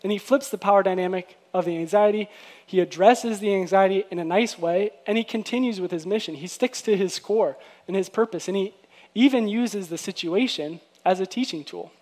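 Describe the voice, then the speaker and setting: High-voiced man preaching casually. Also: a little fast. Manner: conversational, animated in acted-out quotes. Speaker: pastor. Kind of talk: sermon.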